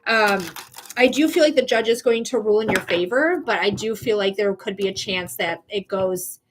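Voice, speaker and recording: A woman's voice: mid-range voice, normal speed, noisy background. A woman hosting a live-streamed psychic tarot reading. She talks casually and emphatically, swearing freely. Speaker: psychic reader.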